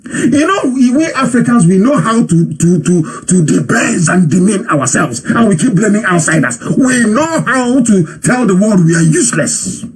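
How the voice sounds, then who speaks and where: A man's voice: sits high, animated, moderate pace, hardly any pauses, slightly rough. A man giving impassioned live commentary, scolding his listeners with fiery rhetorical questions.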